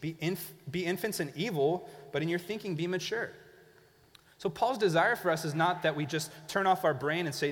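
A man preaching a sermon in a conversational, animated way, acting out the people he describes. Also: fairly high pitch, moderate pace, big-room sound. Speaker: pastor. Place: church.

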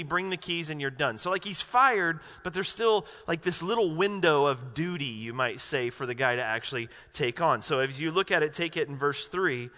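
A man's voice: fairly high pitch, bright, forceful tone. A male pastor preaching a sermon in a casual, conversational way, acting out inner monologues. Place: church sanctuary. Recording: long reverb of a large hall.

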